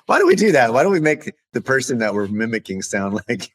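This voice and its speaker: A man co-hosting a casual faith podcast, playful and teasing, laughing a lot. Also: mid-range voice. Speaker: co-host.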